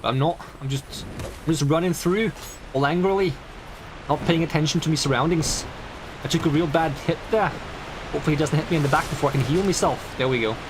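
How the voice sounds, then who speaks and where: A game streamer comments on live gameplay, grumbling impatiently at enemies under his breath in a made-up accent. His voice is on the high side and fairly quick, with background noise.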